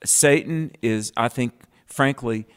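A man's voice: mid-range voice, slow pace, a bit bright, clear, resonant tone. Emphatic man reading and explaining scripture. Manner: emphatic, reads scripture aloud. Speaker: Bible teaching show co-host. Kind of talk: conversational Bible teaching.

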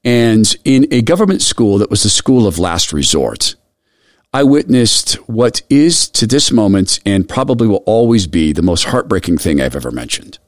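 A middle-aged man hosting a radio show, telling a personal story earnestly and softly and closing in prayer. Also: on the low side, big pitch swings, moderate pace, dry recording, clean studio sound. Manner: earnest, soft storytelling that drops quiet when moved.

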